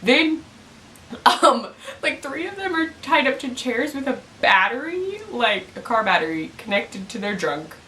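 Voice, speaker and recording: A woman's voice: a little high, very animated, a little slow, bright, forceful tone, a little hiss or hum. Giggly young woman recapping in an echoey room. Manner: chatty, giggly, many "like" fillers. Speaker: TV episode recapper. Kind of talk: casual recap chat. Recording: echoey room, mic at a distance.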